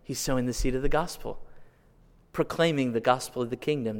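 A man from California preaching a sermon, asking the congregation questions and swinging between quiet asides and loud, drawn-out appeals. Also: medium pitch. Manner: asks the congregation direct questions. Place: church sanctuary. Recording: long hall reverb.

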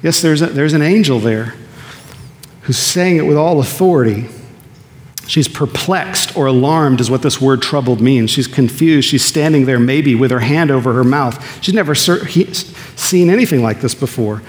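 A man's voice: mid-range voice, moderate pace. Man preaching a sermon in a reverberant hall. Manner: earnest preaching, asks the listeners questions and answers them himself. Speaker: pastor. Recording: long reverb of a large hall.

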